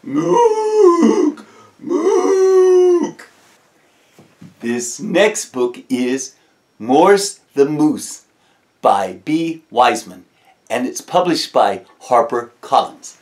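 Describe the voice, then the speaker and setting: Man reading a storybook slowly, lively pitch. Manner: gentle, expressive storybook reading. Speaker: children's storyteller. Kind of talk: children's read-aloud.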